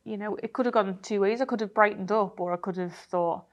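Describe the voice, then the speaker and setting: A woman, a triathlete guest telling a race story in a chatty, animated way full of fillers. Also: mid-range voice, brisk. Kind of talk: casual interview storytelling.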